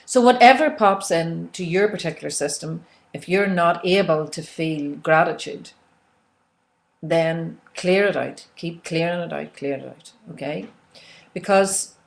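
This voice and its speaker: A woman coaching listeners through an emotional tapping exercise, often checking in with "okay?" and leading them in slow breathing and softly repeated release phrases. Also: fairly low pitch, vocal fry. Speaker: self-help coach. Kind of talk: guided instructional talk on emotional tapping.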